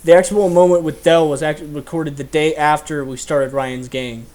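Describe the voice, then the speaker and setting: A man's voice: a little high, fairly even intonation, moderate pace, a little mellow. A young man hosting a casual chat, telling stories animatedly and laughing often. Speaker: host.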